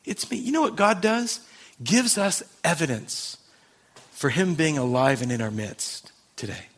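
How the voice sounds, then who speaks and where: A male pastor preaching a sermon, swinging from loud emphasis to hushed intensity. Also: fairly high pitch, animated, unhurried.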